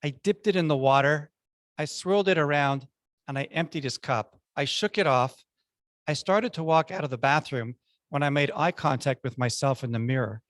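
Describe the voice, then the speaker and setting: A man's voice: a little high, moderate pace, a bit bright, no room sound. A man giving a prepared club speech, telling childhood stories with punchy numbered lessons.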